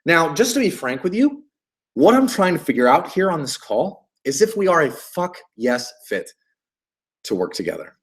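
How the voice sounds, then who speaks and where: A man coaching on sales with big swings in pitch that give his talk an animated, lively sound. He hammers home key phrases by repeating them and swears freely, keeping the energy high throughout. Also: moderate pace. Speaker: business coach.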